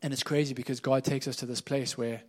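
In an echoey church hall, a pastor with a medium-pitched, slightly mellow voice delivers his sermon quickly and flatly. He tells stories candidly and informally, keeping the tone conversational.

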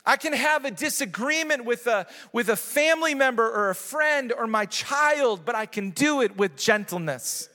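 High-voiced pastor preaching in echoing hall. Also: male voice, expressive, normal speed, few pauses, pushed and bright. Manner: earnest, repetitive, urging the congregation. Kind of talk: sermon. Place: large church hall. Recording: long hall reverb.

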